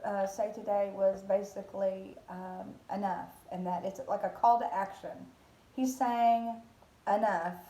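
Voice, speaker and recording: A woman's voice: mid-range voice, mellow. A woman giving a casual devotional talk as a Christian vlogger, rambling with many fillers and restarts. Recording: roomy echo.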